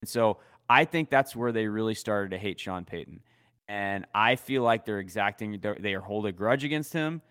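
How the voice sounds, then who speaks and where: A man's voice: fairly low pitch, moderate pace, fairly bright tone, clear, resonant tone. A man co-hosting a sports talk show, explaining his opinions at length. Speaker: podcast co-host. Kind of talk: casual sports chat.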